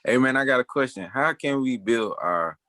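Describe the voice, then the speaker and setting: A man's voice: mid-range voice, expressive, moderate pace, bright, forceful tone. A man on a live coaching call asking an earnest, plain-spoken question over distant call audio. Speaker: caller.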